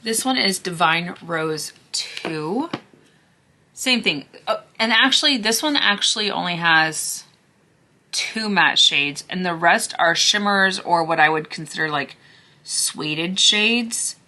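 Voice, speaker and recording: Going through a makeup declutter, this woman vlogger talks casually and gushes, sometimes sinking into a hushed near-whisper, her voice hoarse as she loses it. Her lowish voice is expressive, and she takes her time.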